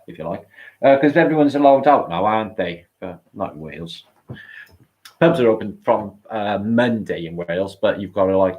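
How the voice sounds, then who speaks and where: Rambling sweary British man, low voice. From Britain. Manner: rambling, sweary, reads out chat comments. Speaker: livestream host. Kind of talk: casual livestream chat.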